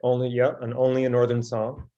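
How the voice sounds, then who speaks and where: A man's voice: mid-range voice, monotone, fairly quick, lo-fi sound. Enthusiastic man with a mid-range voice. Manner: enthusiastic, hesitant with many ums. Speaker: podcast co-host, musician. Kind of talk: casual chat about music.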